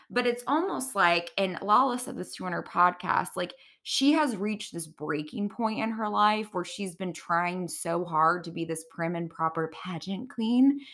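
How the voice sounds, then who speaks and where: Bright-voiced chatty young woman. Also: lowish voice. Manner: chatty, opinionated, acts out quotes. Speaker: podcast host. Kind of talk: casual reality TV recap.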